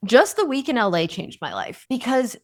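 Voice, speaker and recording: A woman's voice: fairly high pitch, sing-song, moderate pace. A woman in her thirties telling a personal story on her podcast, candid and emotional in a conversational way. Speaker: podcast host.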